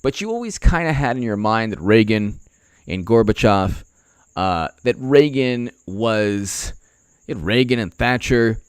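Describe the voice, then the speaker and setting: A man's voice: on the low side, animated, measured pace, clean tone, no echo. A man hosting casual political commentary, rambling with many fillers and slipping into mocking impressions.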